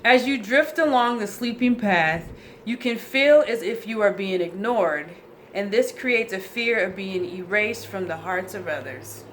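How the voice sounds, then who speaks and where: A woman's voice: mid-range voice, animated, unhurried, a little hiss or hum. Chatty woman reading tarot. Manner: goofy, chatty, swears freely, addresses viewers as y'all. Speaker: tarot reader. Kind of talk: casual oracle card reading to camera.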